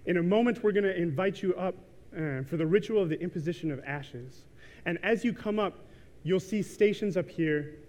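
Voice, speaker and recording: Guy giving a sermon, kinda high voice, says um and like a lot, church hall echo. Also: a little mellow. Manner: casual storytelling full of ums and likes. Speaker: preacher. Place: church sanctuary.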